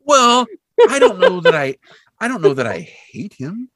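A man's voice: high voice, a little slow, no room sound. A man co-hosting a podcast, casually recapping a TV episode and acting out the characters' lines as he goes. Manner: animated retelling, acting out quoted lines. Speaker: podcast co-host.

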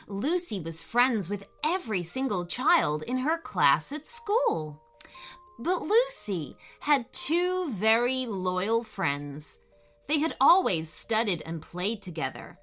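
A woman reading a children's story aloud in an expressive, unhurried way. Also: medium pitch.

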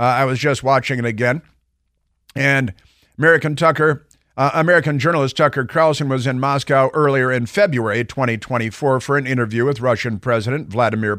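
A man's voice: mid-range voice, fairly bright tone, dry recording, studio quality. A man hosting a talk radio show, delivering a sarcastic monologue. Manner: sarcastic, mocking quoted voices.

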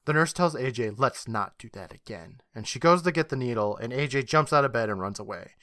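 A man co-hosting a podcast, recapping a TV episode in casual, animated chat and laughing often. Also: mid-range voice, fast talker, no echo, clean studio sound. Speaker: podcast co-host.

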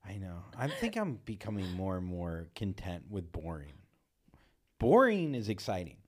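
Deep-voiced male podcast co-host, laid-back and jokey. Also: wildly swooping pitch, moderate pace, darkish tone. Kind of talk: casual chat.

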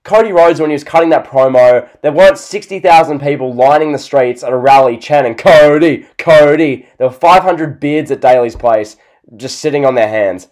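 A man's voice: mid-range voice, a little fast, a little mellow. A man hosting a wrestling podcast, chatting casually with sarcastic, mock-serious remarks. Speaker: podcast host. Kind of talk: casual chat.

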